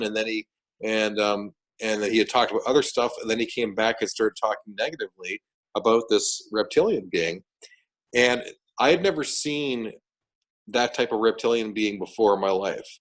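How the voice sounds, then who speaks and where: A man with a lowish voice recounts his experience as a guest in an interview. He talks animatedly, doubling back on words and restarting sentences as he goes. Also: normal speed, poor audio. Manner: animated, repeats words and restarts sentences while retelling events. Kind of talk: casual storytelling interview.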